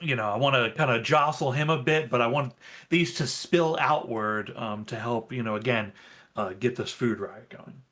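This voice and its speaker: A man playing a tabletop game, describing his character's actions hesitantly with many pauses and filler words. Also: mid-range voice, pushed and bright. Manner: hesitant, full of ums and uhs. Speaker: player.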